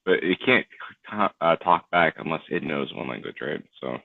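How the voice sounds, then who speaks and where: A man speaking as a player in a tabletop game, thinking aloud deliberately. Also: rumbling low, animated, vocal fry, no room sound. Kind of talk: casual tabletop game talk. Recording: tinny phone-like line.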